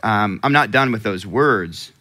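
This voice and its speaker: Bright-voiced man preaching casually. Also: lowish voice, expressive, measured pace. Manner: conversational, asks the congregation questions, laughs often. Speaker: pastor. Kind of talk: sermon.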